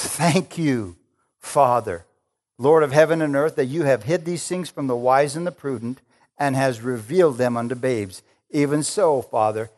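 Emphatic preacher man calling for amens. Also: medium pitch. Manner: emphatic, calls for amens, acts out Jesus with excitement. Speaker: pastor. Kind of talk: sermon.

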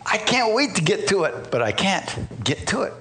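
A man, a pastor, preaching a sermon as a lively personal testimony, acting out the dialogue and laughing at himself. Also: sits high, normal speed, a little hiss or hum.

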